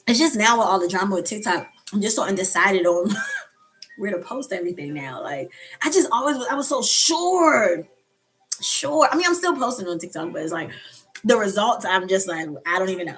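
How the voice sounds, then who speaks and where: A woman hosts a relaxed live coffee chat and talks straight to her viewers. She rambles in a loose, friendly way and answers their comments as they come in. Soft music plays faintly behind her. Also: mid-range voice, low-quality recording.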